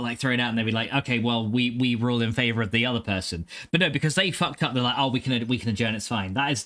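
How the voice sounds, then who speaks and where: A chatty man talking casually on a home livestream. He rambles through his thoughts with frequent restarts and swears freely. His pitch sits in a middling range. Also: sharp tone. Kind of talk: casual stream chat reading viewer messages. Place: home streaming room.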